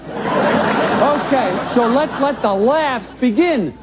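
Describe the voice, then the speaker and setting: A brash, crass talk show host. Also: male voice, very high voice, expressive, slow, very noisy, full character voice. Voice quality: brash, tactless, joking. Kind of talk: sitcom acting. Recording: loud studio audience behind.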